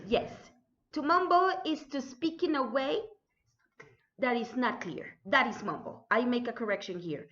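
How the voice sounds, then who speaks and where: A woman teacher gives a spelling dictation, enunciating each word slowly and carefully, then saying it again. Her voice sits high and swings widely in pitch. The recording sounds dull and lo-fi. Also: expressive, a bit bright. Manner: slow, careful enunciation of words; repeats words for students.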